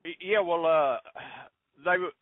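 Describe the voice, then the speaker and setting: A middle-aged man from New Zealand telling rambling family stories in casual chat, with halting restarts. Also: on the high side, dry recording. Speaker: podcast guest. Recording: tinny phone-line audio.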